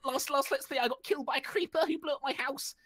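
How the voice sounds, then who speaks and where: British man doing a squeaky-high hyped gamer kid, peppy video intro, British accent. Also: quick pace, a bit bright. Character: overexcited young male gamer YouTuber.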